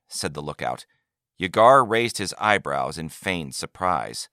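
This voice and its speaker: Male narrator, deep, lively, dry booth sound. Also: unhurried, clean tone, no room sound. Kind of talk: reading a sci-fi story aloud.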